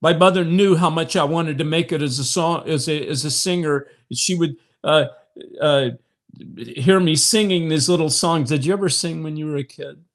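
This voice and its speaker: A middle-aged man leading an online prayer talk, speaking straight to viewers with emotion, swelling to impassioned peaks and sinking soft again. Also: a little high, moderate pace. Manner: direct address to viewers, frequent fillers. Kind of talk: livestream devotional talk.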